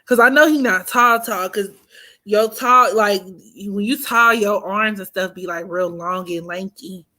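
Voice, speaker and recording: This woman's voice is medium-pitched, bright, and forceful, and she takes her time as she hosts an astrology livestream. Her chat is casual and playful, full of teasing and laughter, with moments that sink to a near-whisper.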